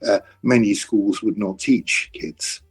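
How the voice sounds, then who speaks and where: A man's voice: on the low side, slow, slightly rough, soft background music. An older man, a classics scholar, speaking in a conversational interview with many restarts and a dry, self-mocking humor.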